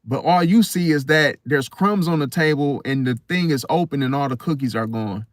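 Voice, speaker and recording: An astrology channel host with a somewhat high voice speaks directly to his viewers at normal speed in an emphatic, casual monologue. He keeps returning to the same phrases and checks in with "See?" The dry, close recording has no room sound around it.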